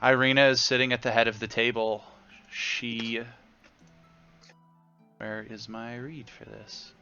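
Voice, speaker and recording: Bright-voiced man running a tabletop game. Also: medium pitch, level tone, muffled recording, faint music behind. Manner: casual, with halting asides. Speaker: game master.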